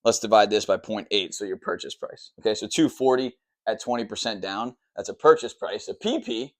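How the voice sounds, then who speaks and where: A man who works as a mortgage lender, explaining the loan process at a whiteboard in a quick, rambling way, always checking in with "okay" and "all right". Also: fairly low pitch, animated. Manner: says he talks fast and tries to slow down.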